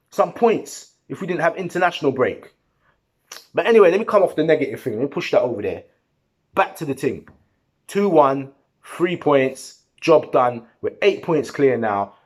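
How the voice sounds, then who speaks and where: A man giving a heated, slangy post-match football reaction, talking to the camera. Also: mid-range voice. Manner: animated, heated, slangy and repetitive. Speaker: football fan vlogger.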